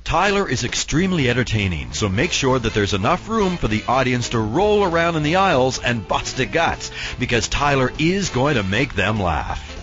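Lively male promo announcer over music. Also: normal speed, hardly any pauses. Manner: upbeat, persuasive pitch. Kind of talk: scripted voice-over narration. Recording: dull lo-fi with music bed.

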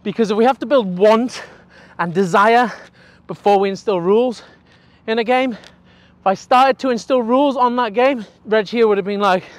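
A young man, a dog trainer explaining his work in an energetic, chatty way with casual swearing. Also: high voice, normal speed, no echo.

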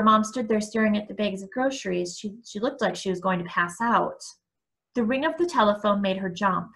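A woman reading a novel aloud, expressive, with occasional small restarts. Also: mid-range voice. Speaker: book reader.

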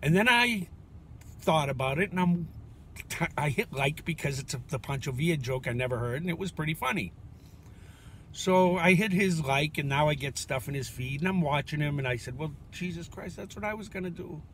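Casual male vlogger, fairly high pitch, wandering and self-mocking, faint vehicle hum. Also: animated, normal speed, a bit bright. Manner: chatty, swears casually, self-deprecating. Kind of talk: rambling casual monologue.

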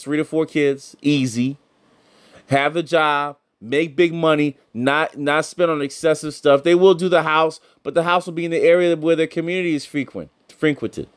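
A middle-aged man giving blunt, heated, profane commentary, often repeating himself. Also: on the high side. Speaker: commentator reacting to clips.

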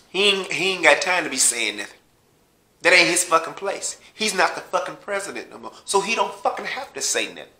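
A man's voice: fairly high pitch, sing-song, a little fast, pushed and bright, echoey room. A man in a blunt, heated political rant, cursing heavily and mocking his listeners. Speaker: vlogger.

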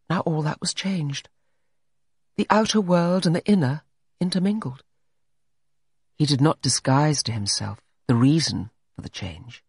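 Male audiobook narrator, animated and dramatic, husky and dry. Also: on the high side, dry recording. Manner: expressive, dramatic reading. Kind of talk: scripted narration.

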